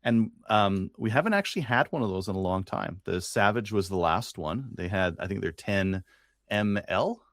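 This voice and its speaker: Low, gravelly-voiced man chatting. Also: moderate pace, no echo, studio quality. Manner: relaxed, rambling with fillers and restarts. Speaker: podcast co-host. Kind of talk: casual chat.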